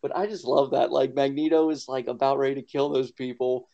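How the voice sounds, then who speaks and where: A man's voice: medium pitch, fairly even intonation, a little fast, vocal fry, mellow. A man co-hosting a podcast in casual chat, rambling with lots of fillers and frequent laughs. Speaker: podcast co-host. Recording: dull lo-fi podcast audio.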